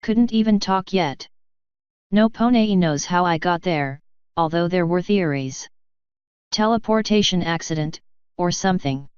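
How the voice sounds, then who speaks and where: A woman's voice: on the low side, unhurried, a little mellow, clean tone, no room sound, close to an everyday voice. A woman voicing a young male pony, an orphan thief who brushes off sympathy, in a guarded, matter-of-fact way; dull lo-fi recording. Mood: reflective.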